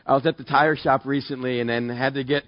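A man's voice: fairly even intonation, dry recording, dull audio. A man preaching as a pastor, telling self-deprecating stories and acting out both sides of conversations, from Southern California. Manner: self-deprecating, acts out dialogue with quick pitch jumps. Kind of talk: conversational sermon with storytelling.

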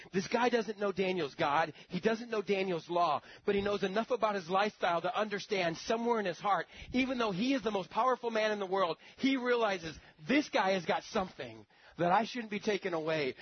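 A man preaches a sermon, retelling a story dramatically and turning often to address his listeners directly. His voice sits high for a man. The recording sounds dull and lo-fi. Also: slight background noise. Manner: storytelling, dramatic, conversational asides to the congregation.

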